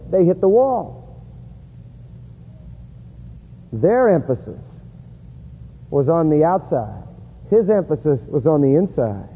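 A man preaching a sermon in an emphatic style, rising high and loud to stress points. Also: breathy edge. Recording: echoey hall on a tinny lo-fi line.

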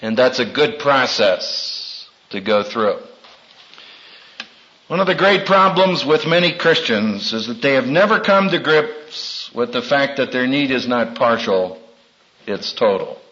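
A man preaching a sermon in a dramatic way, acting out quotes with big swings in pitch. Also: lively intonation, a little slow, a bit bright, highs cut off.

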